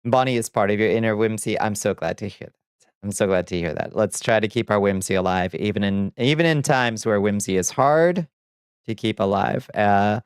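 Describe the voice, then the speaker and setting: A man's voice: fairly low pitch, normal speed, smooth, no room sound. A man chatting on a casual livestream, reading chat aloud and answering in a chatty, sardonic way, on a close desk mic. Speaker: streamer.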